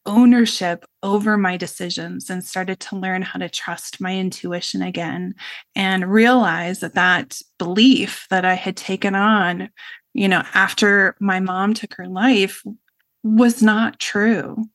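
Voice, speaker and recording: A woman's voice: medium pitch, fairly even intonation, slow pace, fairly bright tone. Middle-aged woman, interview guest, earnest reflective storyteller, mid-range voice, casual fillers. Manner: earnest, reflective, with frequent "you know" and "like".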